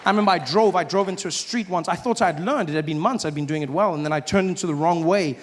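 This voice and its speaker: A man's voice: high voice, quick pace, slight background noise. A man performing a stand-up comedy set, telling stories and acting out the people in them. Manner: animated storytelling, acts out other voices.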